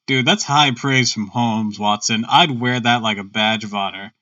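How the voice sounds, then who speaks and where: A man's voice: lowish voice, moderate pace, sharp tone, no echo, distant mic, dull audio. A man reading a classic story aloud on stream, breaking off for casual, chatty asides and joking about his own misreadings.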